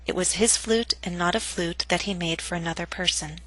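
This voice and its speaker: A woman teaching English pronunciation, reading scripted instructions and slow model sentences for learners to repeat. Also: lowish voice, pushed and bright, dry recording, low-quality recording.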